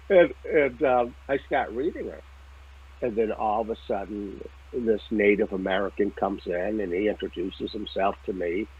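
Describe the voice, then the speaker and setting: A man, telling a story as a psychic medium in lively casual talk, swearing now and then and checking in with "right?". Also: fairly low pitch, slightly rough. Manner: animated, swears casually, laughs often, repeats "right?" and "okay?". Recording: tinny phone-like line.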